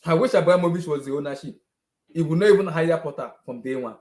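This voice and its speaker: A man's voice: fairly high pitch, fast, darkish tone. Exasperated man ranting, echoey room. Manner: exasperated, repeating no over and over. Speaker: football fan ranting. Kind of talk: heated fan rant on a video hangout.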